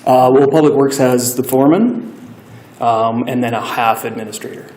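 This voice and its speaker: A man's voice: mid-range voice, moderate pace, darkish tone. A man who directs a town's public works answers council questions casually, stammering a little. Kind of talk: council meeting discussion. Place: council chamber. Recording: roomy council chamber mic.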